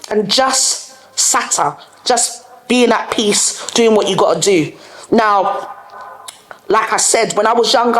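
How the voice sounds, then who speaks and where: A young woman hosting a solo podcast, animated and direct, laughing often and using plenty of slang. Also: on the high side, roomy sound. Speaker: podcast host. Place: studio room.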